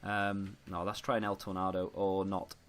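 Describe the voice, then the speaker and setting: Deep and monotone, the voice of this gaming YouTuber moves at a normal speed as he comments live on his own football video game match. He sounds frustrated and keeps making fun of himself.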